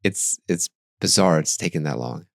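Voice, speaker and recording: A deep-voiced man in his forties talks through his thoughts on a podcast. His delivery is relaxed and searching, with hesitant restarts and sentences that trail off. The sound is dry and close. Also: moderate pace, gravelly, dry recording. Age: 40s. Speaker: podcast host. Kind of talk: casual reflective podcast chat.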